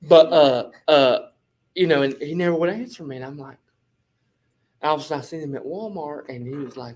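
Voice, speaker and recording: A man sharing a rambling personal testimony with a Bible study group, animated and casual, peppering his talk with "flipping". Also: a little high, fairly quick. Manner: animated, rambling storyteller, repeats "flipping" as a filler.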